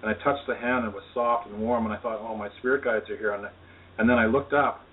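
A man's voice: fairly low pitch, fairly even intonation, fast talker. A man, an energy healer, telling his personal story in an earnest, reflective way as an interview guest. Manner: earnest, reflective, talks of spirituality. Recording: tinny phone line, distant, faint hiss.

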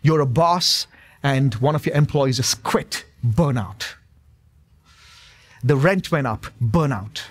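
A man's voice: mid-range voice, slow, long pauses. A male pastor in his thirties preaching a sermon in a church, emphatic and repetitive, with touches of humor. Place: church sanctuary.

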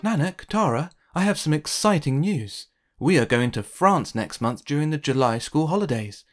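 A man voicing an upbeat mother telling her children exciting news in a picture book. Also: fairly high pitch, moderate pace, faint music behind, natural voice. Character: cheerful mother of two, upbeat.

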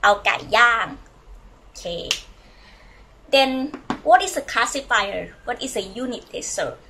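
A Thai-native woman teaches a lesson with a bright, somewhat high voice. She goes slowly and patiently and repeats each word for learners to say after her. A faint noise hums behind her. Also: lively intonation, low-quality recording. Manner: slow, patient, repeats words for learners to copy. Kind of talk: language lesson.

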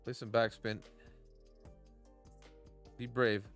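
Brief: male streamer, 30s, mid-pitched, chatty and joking, casual game commentary. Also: level tone, slow pace, vocal fry, fairly bright tone, faint music behind. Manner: playful, chatty, greets viewers by name.

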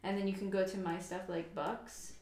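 A woman co-hosting a laid-back podcast from a quiet room at home. She rambles happily, scattering "like" through her sentences and laughing often. Her voice rings a little in the room's echo. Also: medium pitch, level tone, normal speed. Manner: chatty, says "like" a lot, laughs often. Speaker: podcast co-host. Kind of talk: casual chat.

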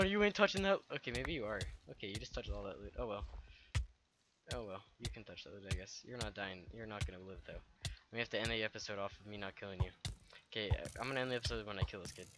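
A man hosting a gaming channel, giving let's play commentary with excitable, trash-talking banter aimed at his opponents. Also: fairly low pitch, noisy background.

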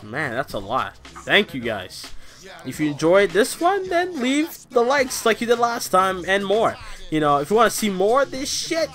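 A young man commentating a wrestling video game, loud, excitable and crude, trash-talking the opponent. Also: a little high. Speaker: gameplay commentator. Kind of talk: let's play commentary.

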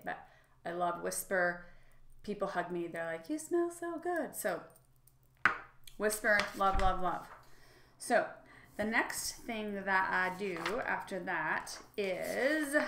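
A woman's voice: lowish voice, fairly bright tone, roomy sound. A middle-aged woman vlogger demonstrating products in a chatty, enthusiastic way, with frequent fillers. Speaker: lifestyle vlogger.

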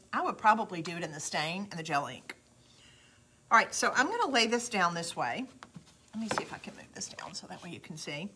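A woman's voice: medium pitch, bright, forceful tone, slight background noise. Chatty Southern woman demoing crafts. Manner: chatty and folksy, addresses viewers as y'all. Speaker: craft host demonstrating a product. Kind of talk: live casual how-to demo.

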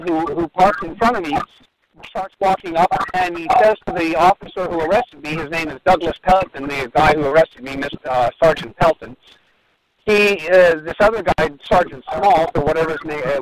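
A man's voice: high voice, poor audio. A male dermatologist guest on a radio show, earnestly recounting events and repeating words as he goes. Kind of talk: phone-in storytelling.

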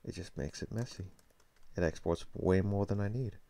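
A man's voice: low voice, normal speed, creaky, dark tone. A man thinking aloud while coding, muttering to himself and correcting his words, with keyboard typing behind him. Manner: muttering, self-correcting, frustrated asides. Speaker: programmer streaming a coding session. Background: keyboard typing and clicking.

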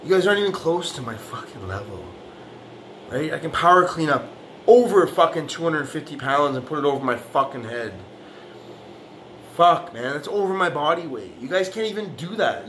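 A man's voice: a little high, a bit bright, slight background noise. A man ranting in a profane, boastful way, trash-talking rivals, with an argumentative tone that keeps returning to "man" and "right". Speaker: fitness vlogger. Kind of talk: profane reaction rant.

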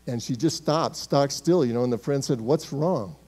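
A man's voice: mid-range voice, moderate pace. Emphatic male pastor preaching. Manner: emphatic, swings from loud to hushed. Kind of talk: sermon. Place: church sanctuary.

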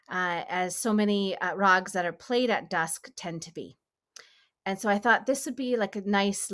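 A woman leading a meditation session, talking gently and casually with frequent small laughs. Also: medium pitch. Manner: gentle, chatty, laughs often. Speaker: meditation leader. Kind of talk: guided meditation instruction.

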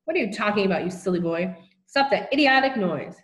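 A man's voice: high voice, expressive, rapid-fire, echoey room. A woman voicing a stern, sarcastic male headmaster who scolds sharply, in a storybook reading.

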